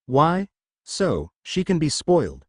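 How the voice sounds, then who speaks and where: A man's voice: a little high, wildly swooping pitch, takes it slowly, breathy edge, dry recording, clean studio sound, exaggerated voice. A man doing a furious teenage witch girl. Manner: furious, accusing.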